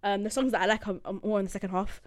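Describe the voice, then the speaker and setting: A woman's voice: medium pitch, rapid-fire, slight background noise. A young woman, chatting casually and telling stories at length. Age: young adult. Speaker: podcast co-host. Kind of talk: casual chat.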